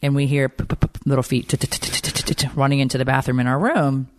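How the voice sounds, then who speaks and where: A man's voice: mid-range voice, fairly even intonation, quick pace, no echo. A man co-hosting a podcast, telling a family story in a chatty way with restarts and tangents. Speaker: podcast co-host and parent. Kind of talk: casual chat.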